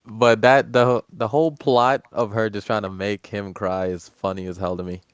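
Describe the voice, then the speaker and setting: A man's voice: fairly low pitch, fairly even intonation, normal speed, clear, resonant tone, no echo. A man co-hosting a casual anime chat, blunt and joking, with frequent laughter and swearing.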